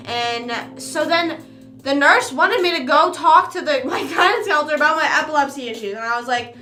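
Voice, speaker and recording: A woman's voice: high voice, a little fast, sharp tone, reverberant, soft background music. A young woman hosting a live stream, telling a story in casual chat full of "like" and acting out what people said. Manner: chatty, lots of "like", acts out quoted people. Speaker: livestream host.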